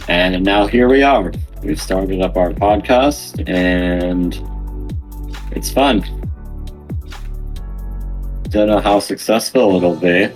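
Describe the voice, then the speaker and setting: A man's voice: low-pitched, slow pace, long pauses, faint music behind, poor audio. A man co-hosting a podcast, rambling in casual, self-mocking chat while talking to the listeners alone. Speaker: podcast co-host.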